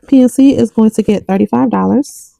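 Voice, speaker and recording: In a rough recording, a young adult woman talks through her budget while counting bills out loud, slipping a story in between counts. Her voice sits a little high and has a dark tone with vocal fry, and she speaks fairly quickly in this relaxed cash-counting chat.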